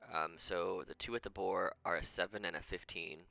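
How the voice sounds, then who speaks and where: A man's voice: low voice, fairly even intonation, moderate pace, vocal fry, bright, forceful tone. A man running a tabletop game as game master, rambling as he thinks aloud and counts out moves under his breath.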